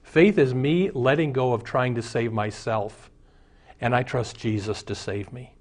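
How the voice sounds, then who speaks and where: A man's voice: mid-range voice, measured pace, darkish tone. A man preaching a sermon as a pastor, telling stories and jokes and acting out the voices in them.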